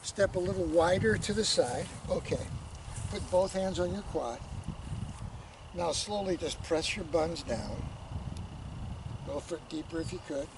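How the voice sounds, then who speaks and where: Male posture coach, calm step-by-step cues, somewhat high voice, heard from a distance over outdoor noise. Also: unhurried, long pauses. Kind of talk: instructional coaching. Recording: distant mic, noisy outdoor background.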